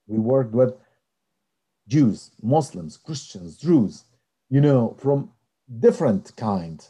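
A man from Israel, a religious leader and peace activist, telling stories in an interview in animated, hesitant, non-native phrasing. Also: mid-range voice, takes it slowly, breathy edge.

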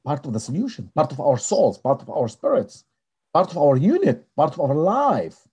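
A man from Israel, a religious leader and peace activist, telling stories in an interview in animated, hesitant, non-native phrasing. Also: on the high side, normal speed, breathy edge, lo-fi sound.

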